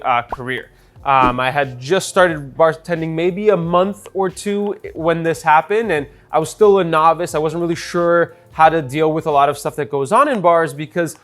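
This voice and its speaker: A young man, a bartender telling a story in a casual, animated way while making a cocktail. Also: on the high side. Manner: chatty, animated storyteller with many fillers.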